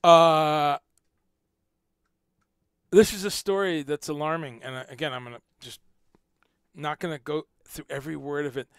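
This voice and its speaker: A man's voice: on the high side, fairly even intonation, moderate pace, long pauses, clean tone, dry recording, studio quality. A man hosting a casual livestream, rambling and repeating words as he talks, now and then swearing. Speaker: livestream host.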